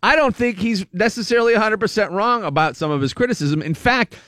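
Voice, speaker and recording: A man's voice: sits high, fast, pushed and bright, no room sound, studio quality. A man hosting a sports radio talk show, chatting casually, laughing often and slipping into mock impressions.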